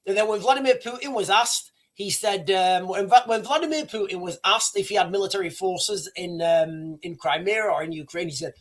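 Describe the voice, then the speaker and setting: A man hosting a casual live stream, talking to his chat in an animated way, repeating himself and calling viewers guys. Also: high-pitched, normal speed. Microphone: streaming setup microphone.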